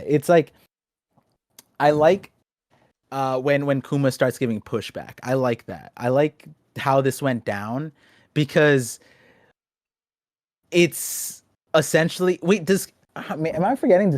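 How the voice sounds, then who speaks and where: A young adult man hosting a casual podcast chat, talking in an animated, rambling way with lots of restarts. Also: mid-range voice, no room sound, studio quality. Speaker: podcast host.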